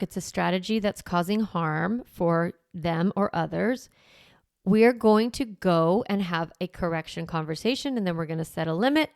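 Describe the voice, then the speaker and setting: A woman's voice: mid-range voice, creaky, smooth, no echo, clean studio sound. A woman hosting a parenting podcast, coaching listeners step by step in a direct way, often checking in with "okay?" and "right?". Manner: walks through step-by-step scripts. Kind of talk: instructional podcast monologue.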